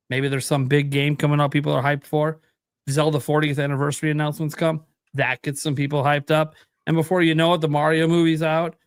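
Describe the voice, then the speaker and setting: A man co-hosting a casual gaming podcast, rambling and restarting as he thinks out loud through sales figures. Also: a little high, dry recording, clean studio sound. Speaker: podcast co-host.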